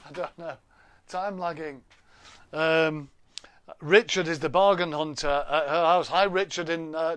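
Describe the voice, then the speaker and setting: A man's voice: fairly high pitch, fairly bright tone, clear, resonant tone, no echo. Chatty man hosting a live stream. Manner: chatty, jokey, reads out viewer names, laughs often. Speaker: livestream host. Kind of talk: casual live stream chat. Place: home room. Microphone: laptop webcam.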